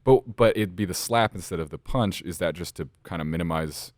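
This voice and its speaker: Fast-talking deep-voiced male host. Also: no echo, clean studio sound. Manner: chatty, enthusiastic, talks at length. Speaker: podcast host. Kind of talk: casual interview chat.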